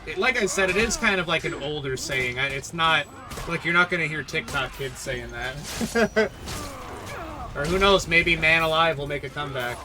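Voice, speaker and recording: A man's voice: fairly high pitch, moderate pace. A young American man chatting casually on a live stream while gaming, laughing often and answering chat. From United States.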